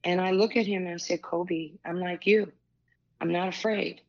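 This guest, a woman in her sixties who once played pro basketball and later worked in broadcasting, has a gravelly voice on the low side and speaks at a moderate pace. The sound quality is lo-fi. Her candid anecdotes come out animated and loose, packed with tangents and restarts.

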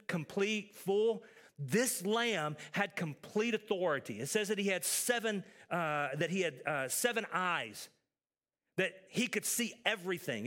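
Delivering a sermon in a high-pitched voice, this pastor uses emphatic repetition to build momentum and then lowers to quiet, intense tones.

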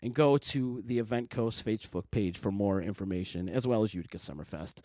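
A man's voice: lowish voice, a little fast, no echo. New guy hosting a podcast, hypes events, dry close sound. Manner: energetic, plugs events loudly. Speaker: podcast host. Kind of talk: casual promo chat.

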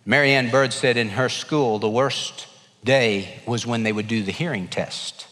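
A male pastor preaching a sermon, animated and emphatic, dropping to a hush for quieter passages. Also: medium pitch, a little slow. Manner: animated preaching, swinging between emphatic and hushed. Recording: long hall reverb.

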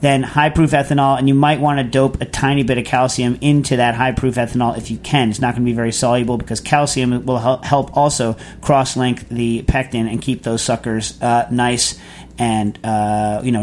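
A man's voice: medium pitch, little pitch movement, moderate pace, a little mellow. Guy rambling through a listener question on a radio show, lots of uhs, mid voice, faint hiss behind. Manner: rambling, chatty, many fillers and restarts. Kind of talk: casual call-in answering.

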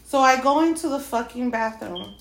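A woman with a high voice tells a story with lots of swearing and fillers. She tells it in an animated, casual way. The room around her is roomy and echoey. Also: normal speed, gravelly, slight background noise. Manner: animated, swears a lot, many fillers, laughs while telling. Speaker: podcast co-host.

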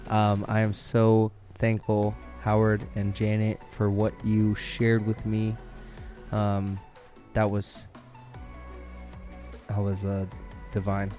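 A man's voice: lowish voice, monotone, slow, pauses often, warm tone, faint music behind. A young man vlogging on his own, upbeat and grateful, rambling with many fillers, speaking very close to a mic in a small room. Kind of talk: casual solo monologue. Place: indoors, small room with a fan nearby. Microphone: studio mic held very close to the mouth.

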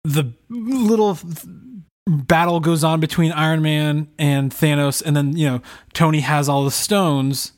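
A man chatting casually as a podcast co-host, telling a story with lively, animated delivery and mimicked voices. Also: on the high side, measured pace. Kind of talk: casual chat.

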